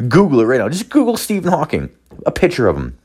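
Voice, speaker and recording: A man's voice: fairly high pitch, wildly swooping pitch, fast talker, a little mellow, breathy edge. A man hosting a solo podcast from home, telling a profane, rambling story full of filler words. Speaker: podcast host.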